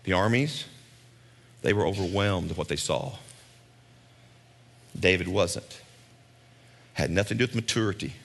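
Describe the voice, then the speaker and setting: A man's voice: sits low, unhurried, creaky, pauses often, fairly bright tone. A male pastor preaching a sermon in a conversational way, with asides and repeated lines for emphasis.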